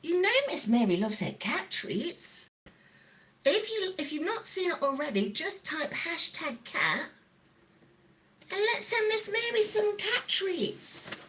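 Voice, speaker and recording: Casting: middle-aged Nottingham woman, high bright voice, giggly and chatty livestream host, faint hiss behind. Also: sing-song, slow. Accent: Nottingham English. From England. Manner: chatty, giggly, reads out viewer comments. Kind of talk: casual livestream chat while sewing.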